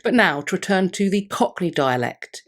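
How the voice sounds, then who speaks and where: A woman with a fairly low voice presents a history video. Her delivery is scripted and measured, and she reads quotations from scholars in the same composed tone. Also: animated. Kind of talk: scripted narration.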